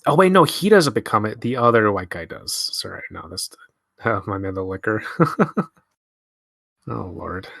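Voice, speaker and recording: A man's voice: fairly low pitch, very animated, moderate pace, creaky, pauses often, a bit bright, dry recording, clean studio sound. A young man giving casual, laid-back movie commentary, musing aloud and swearing freely. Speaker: film commentary host.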